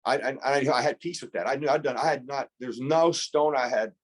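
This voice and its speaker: A man's voice: mid-range voice, fairly quick. A man in his fifties, a former pro football player, telling an earnest, reflective story as a podcast guest, often restarting his sentences.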